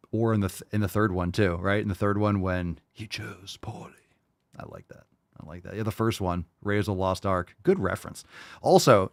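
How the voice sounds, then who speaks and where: A man's voice: fairly low pitch, no echo, studio quality. A man in his thirties hosting a fitness podcast, ranting crudely and profanely and reading out listener emails in a mocking tone. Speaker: podcast host.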